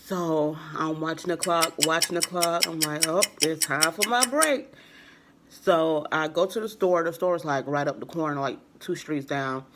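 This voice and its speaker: A woman's voice: sits low, steady tone, moderate pace, few pauses, very noisy. Rambling young woman telling a story. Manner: rambling, many fillers and "I was like" quotes. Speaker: vlogger. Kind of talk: casual personal storytelling.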